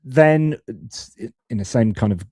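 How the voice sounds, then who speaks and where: A man's voice: medium pitch, lively intonation, unhurried, mellow, no room sound, studio quality. A man, hosting a live stream and giving blunt, casual commentary with swearing and frequent restarts. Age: 40s. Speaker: host of a geopolitics live stream.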